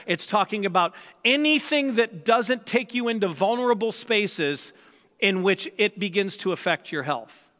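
A man's voice: sits high, bright, forceful tone, big-room sound. A man preaching a sermon as pastor, speaking in a conversational way and often acting out both sides of a conversation. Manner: conversational, acts out quoted dialogue.

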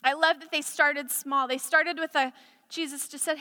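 A woman's voice: high voice, fairly even intonation, moderate pace, bright, forceful tone. A woman preaching a sermon in an impassioned way, building to emphatic declarations, in a church sanctuary. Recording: echoey hall reverb.

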